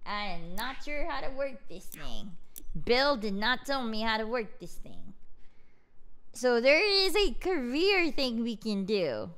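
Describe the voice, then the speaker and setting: A woman's voice: fairly high pitch, very animated, takes it slowly, a bit bright, exaggerated voice. A woman streamer voicing a laid-back, boastful bearded guy who rambles, swears casually and laughs at himself while gaming. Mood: goofy. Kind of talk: live game stream in character.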